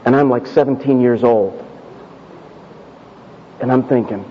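A male pastor telling a personal story in a sermon, conversational and self-deprecating, slowing down for emphasis. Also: medium pitch, noisy background. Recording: dull audio with long hall reverb.

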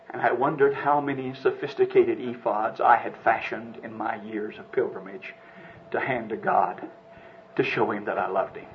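A man's voice: medium pitch, a little hiss or hum. A man preaching an earnest, dramatic sermon, telling a story and reflecting on faith. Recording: dull lo-fi recording.

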